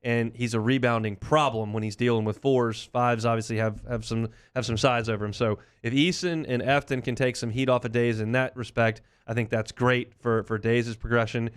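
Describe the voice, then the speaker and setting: A man's voice: mid-range voice, fairly even intonation, moderate pace, few pauses, clean tone. A man hosting a sports talk radio show, chatting in an opinionated, conversational way.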